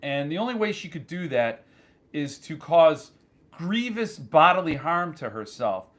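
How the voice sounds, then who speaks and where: A man hosting his own channel, telling a story in an animated, joking casual chat. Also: on the high side, measured pace. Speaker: channel host.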